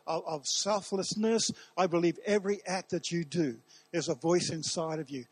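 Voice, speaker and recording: A man's voice: fairly high pitch, husky, dry recording, poor audio. A man preaching as a pastor at a church service, emphatic, putting questions to the congregation. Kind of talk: sermon.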